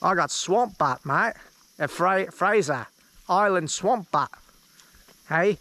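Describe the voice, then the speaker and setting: A man's voice: high-pitched, lively intonation, takes it slowly, bright, forceful tone, heavily acted. A man putting on a drawled, teasing to play a whiny, laid-back bloke. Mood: mocking.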